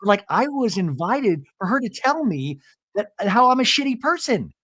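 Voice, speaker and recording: A man putting on an excitable reality-TV woman, squealing in over-the-top exclamations. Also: sits high, normal speed, dry recording, pitched above the performer's own voice, heavily acted. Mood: aggrieved venting. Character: gushing excitable reality-TV woman, shrieking in disbelief.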